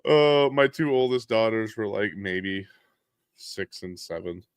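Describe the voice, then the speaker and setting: Deep-voiced joking podcast host man. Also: slow, clear, resonant tone, dry recording. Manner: loose, joking, laughs often, swears freely; loud bursts and laughter inside relaxed talk. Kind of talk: casual podcast chat.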